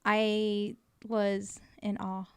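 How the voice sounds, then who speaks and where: A woman's voice: medium pitch, completely flat delivery, extremely slow, smooth, dry recording. A woman as a guest on a casual podcast, talking bluntly and enthusiastically.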